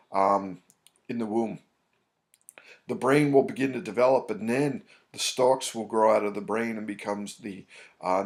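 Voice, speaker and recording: Gravelly man giving rambling advice. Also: on the low side. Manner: loose, rambling with many fillers and restarts. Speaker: anxiety coach. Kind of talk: casual advice monologue. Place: New York City.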